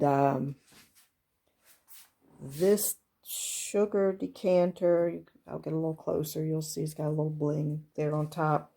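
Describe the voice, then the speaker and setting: A woman with a low voice and a gravelly fry talks through her decor at home in a relaxed, chatty way. She fills her talk with ums and little unsure asides, filming on a handheld camera that she moves in close. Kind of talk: casual show-and-tell walkthrough. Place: at home beside a kitchen cart. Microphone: handheld camera moved up close.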